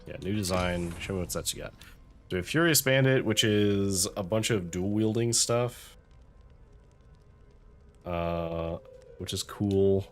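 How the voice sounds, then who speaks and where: A man with a deep, low voice talks through a video game playthrough in a relaxed, casual way. He thinks aloud over his options and drops dry, wry asides. Faint game music plays behind him. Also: slow pace, long pauses. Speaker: let's-play host. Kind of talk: casual gameplay commentary.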